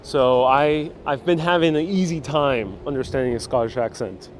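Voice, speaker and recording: A man hosting a live walking tour, talking into a phone as he strolls a busy street. He reads viewer comments aloud and answers them in a relaxed, chatty way, with faint traffic and city noise behind him. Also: medium pitch, normal speed. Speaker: travel vlogger. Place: outdoors on a busy old-town street. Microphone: phone held while walking.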